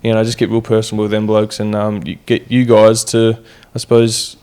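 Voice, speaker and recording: A man's voice: lowish voice, monotone, a little fast, a little mellow, clear, resonant tone. A young man co-hosting a casual podcast, easygoing and slangy, talking with some hesitation. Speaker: podcast co-host, rugby player. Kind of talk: casual chat.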